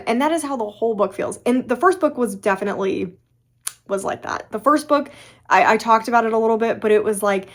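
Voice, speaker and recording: A young woman chatting casually in a book vlog, animated and full of fillers and quick laughs. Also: fairly high pitch. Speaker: book vlogger. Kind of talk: casual chat.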